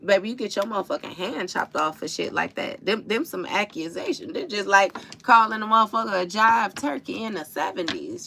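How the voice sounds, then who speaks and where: Blunt, gravelly-voiced woman tarot reader. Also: medium pitch, normal speed, hardly any pauses, slight background noise. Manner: blunt, profane, streetwise, animated storytelling. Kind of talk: live tarot reading. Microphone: phone or webcam for a livestream.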